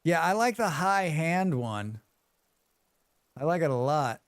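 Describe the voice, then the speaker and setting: Chatty male streamer, smooth dry voice. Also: fairly high pitch, big pitch swings, slow, pauses often, no echo. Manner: chatty, hums and thanks viewers. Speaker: livestreamer. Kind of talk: casual livestream chat while gaming.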